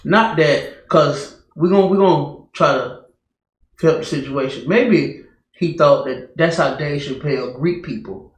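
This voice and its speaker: A man co-hosting a reaction video, slightly high-voiced and excitable. He talks in quick bursts that repeat themselves. The sound is roomy. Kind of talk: casual reaction chat.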